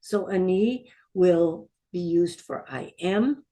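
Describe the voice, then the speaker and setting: Taking it slowly, a woman with a fairly low, mellow voice leads a beginner Hebrew language lesson. Each word gets patiently repeated for the learners to echo.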